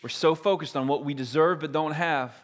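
A man's voice: fairly high pitch, brisk. A man preaching a sermon as a pastor, retelling a story in a conversational, emphatic way.

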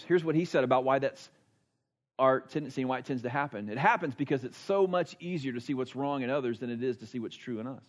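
A man in his forties preaching a sermon in an earnest, conversational way, repeating phrases for emphasis. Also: medium pitch. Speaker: pastor. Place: church service.

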